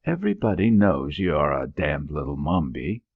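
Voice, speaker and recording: A man's voice: lowish voice, very animated, measured pace, gravelly, husky, no room sound, phone-quality sound, heavily acted. A man voicing a weary, scolding old widowed landlady who nags sharply. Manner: nagging, sharp-tongued.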